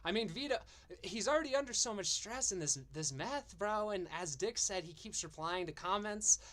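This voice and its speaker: A man's voice: high voice, lively intonation, normal speed, fairly bright tone. A man hosting a stream, ranting in a profane, mocking and exasperated way. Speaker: streamer and show host.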